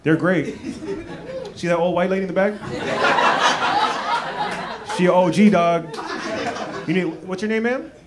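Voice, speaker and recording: A male stand-up comedian from Maryland doing loud, laughing crowd work and teasing audience members. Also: sits high, unhurried, pauses often. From Maryland, USA. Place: comedy club stage. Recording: noisy live club recording.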